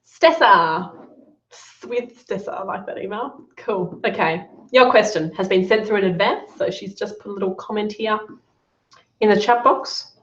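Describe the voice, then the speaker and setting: A woman's voice: mid-range voice, normal speed, fairly bright tone. A woman running a live online Q&A as a business coach, giving upbeat, encouraging feedback on students' work. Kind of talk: live Q&A session. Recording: roomy, dull lo-fi sound.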